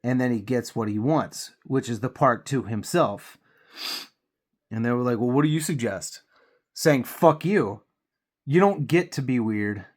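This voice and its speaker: A man's voice: medium pitch, normal speed. A man with a cold, venting heatedly and profanely while he paints miniatures on his channel. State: congested with a cold.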